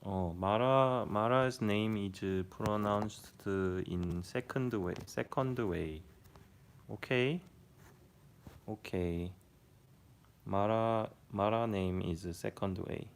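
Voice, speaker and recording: A man's voice: on the low side, slow pace, vocal fry, clean tone. A man from Korea speaking English in a mix of American and Korean accents, chatting casually and jokily with viewers on a livestream. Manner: chatty, answers chat, jokey. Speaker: livestream host. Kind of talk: casual live-stream chat with viewers.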